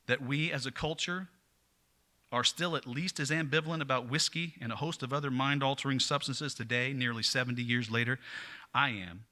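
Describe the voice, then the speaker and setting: A psychologist giving an earnest, explanatory church talk in a plain conversational tone. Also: male voice, mid-range voice, pushed and bright. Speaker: speaker, psychologist.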